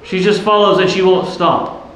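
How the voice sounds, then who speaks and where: Preaching in a church as a priest, this man has a high, fairly bright voice with fairly even intonation and a moderate pace. His delivery is earnest and explanatory, and he frequently asks the congregation questions. The church is very echoey, and faint noise can be heard.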